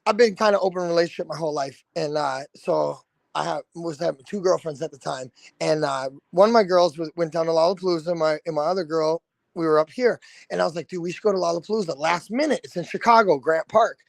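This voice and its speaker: High gravelly-voiced man telling a story. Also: fast, dry recording. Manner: animated storyteller, swears freely, acts out quotes. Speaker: guest, lead singer. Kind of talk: casual storytelling.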